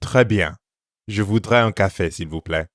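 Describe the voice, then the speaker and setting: Lower-voiced man teaching in a dry studio. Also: moderate pace, no room sound. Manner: clear, instructive, encouraging. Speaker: co-host of audio lessons. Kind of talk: scripted lesson narration.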